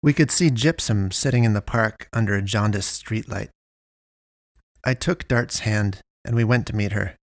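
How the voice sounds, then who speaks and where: A man narrating a first-person story in a measured, deliberate way. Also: on the low side, dry recording, studio quality.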